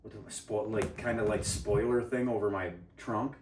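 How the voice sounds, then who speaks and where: A man's voice: on the low side, steady tone, normal speed. Man, casual storytelling, profane, heated, echoey room, distant mic. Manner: heated, swearing, mimics people in his story. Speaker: podcast co-host. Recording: roomy, off-mic sound.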